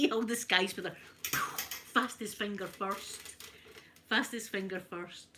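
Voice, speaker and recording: A Scottish woman chatting casually to her live viewers while ironing, in a soft, emotional, friendly way. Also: medium pitch, big pitch swings, slow pace, background noise. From Scotland. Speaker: ASMR streamer.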